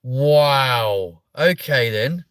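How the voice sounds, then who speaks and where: British livestream host, 30s, jokey and mock-offended, animated delivery, dry close mic. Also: male voice, medium pitch, extremely slow, clear, resonant tone, no room sound. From United Kingdom. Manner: playful, mock-offended, swears casually. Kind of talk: casual live chat reading viewer comments.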